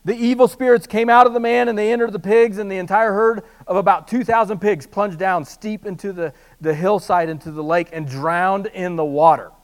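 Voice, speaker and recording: High-voiced preaching man, big dynamics. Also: clear, resonant tone. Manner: swings from near-hushed, slow delivery to loud, fast preaching; animated storytelling with humorous asides. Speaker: pastor. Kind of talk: sermon.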